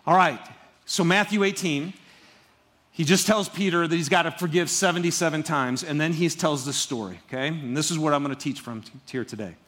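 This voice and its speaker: A male pastor delivering a sermon in a high, bright voice. He talks in a casual, conversational way but hits key points with real emphasis, often breaking off into asides. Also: fairly quick.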